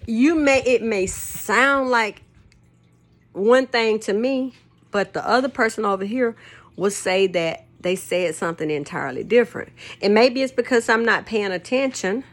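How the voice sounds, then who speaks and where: A woman's voice: fairly high pitch, measured pace, a bit bright. An older woman, chatting casually to camera from her home kitchen, rambling and laughing often as she tells stories. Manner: rambling, laughs often, folksy Southern turns of phrase. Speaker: vlogger.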